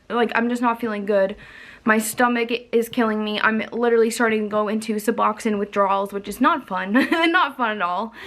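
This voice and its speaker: A woman's voice: on the high side, a bit bright. A young woman telling a candid, profane story in a casual vlog. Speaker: vlogger.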